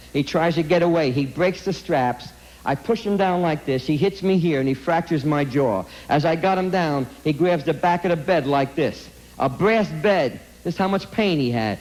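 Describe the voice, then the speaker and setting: A man's voice: fairly high pitch, a little mellow, low-quality recording. A man giving an emphatic, blunt anti-drug talk to a school audience, repeating himself and firing direct questions at the listeners. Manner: streetwise blunt phrasing. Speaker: speaker addressing students.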